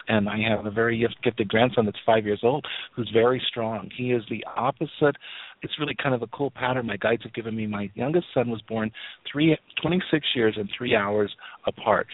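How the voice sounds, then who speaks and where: A husky, mid-range male voice comes over a tinny phone line with a dry sound. The man, in his fifties and a psychic guest calling into a radio show, rambles casually through family stories, restarting often and laughing.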